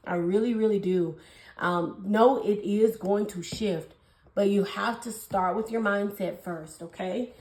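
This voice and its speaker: Fast, gushing woman tarot reader. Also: medium pitch, darkish tone, echoey room, rough recording. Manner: fast, gushing and affectionate, calls viewers babies and honey. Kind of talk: casual tarot reading to camera.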